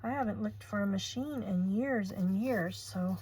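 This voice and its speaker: A woman's voice: mid-range voice, moderate pace, darkish tone, slight background noise, poor audio. A woman in her sixties hosting a crafting video, chatting casually and gushing over pretty papers and lace. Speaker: crafting channel host. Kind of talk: casual crafting tutorial chat.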